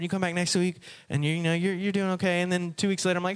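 A preacher from Texas, a man, gives a joking sermon and talks straight to his audience in a playful, animated way. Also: sits high, quick pace, hardly any pauses, clear, resonant tone.

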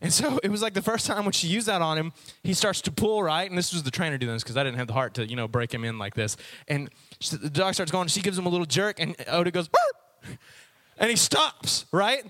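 A man's voice: high voice, quick pace, hardly any pauses. A young adult man, a youth pastor, giving a casual sermon, telling stories animatedly and acting out voices with frequent laughs. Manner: animated storyteller, acts out voices, laughs often.

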